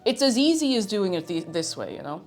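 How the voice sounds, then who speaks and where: A woman streaming with an Irish accent, chatting through a cooking livestream. She reads viewer messages aloud and answers them warmly, sometimes talking with a full mouth. Soft music plays in the background. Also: mid-range voice, big pitch swings, a little fast. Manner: talks while snacking, sometimes with a full mouth. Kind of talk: casual cooking livestream chat.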